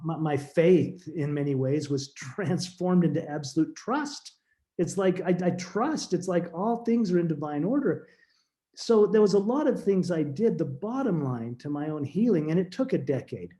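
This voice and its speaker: A middle-aged man telling a deeply personal story as a podcast guest, earnest and halting, often restarting his words. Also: animated, mellow.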